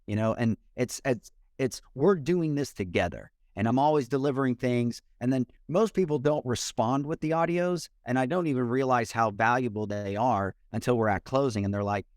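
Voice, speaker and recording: A man, a mortgage loan officer and podcast guest, talking in an energetic, expressive way over a remote call. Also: mid-range voice, normal speed, hardly any pauses, dry recording, clean studio sound. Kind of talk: casual interview talk.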